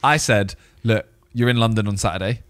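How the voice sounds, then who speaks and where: A man on a podcast with a lowish voice and quick delivery, teasing the others dryly and reading out listener questions. The sound is dry and close, with no room in it. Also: fairly bright tone, no echo. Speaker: podcast guest. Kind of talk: casual chat.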